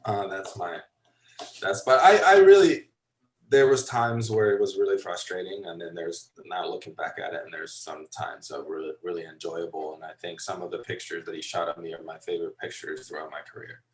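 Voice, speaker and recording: A man from Finland, a podcast guest, telling stories in a loose, animated way with many fillers. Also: low-pitched, brisk, rough recording. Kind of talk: casual storytelling interview.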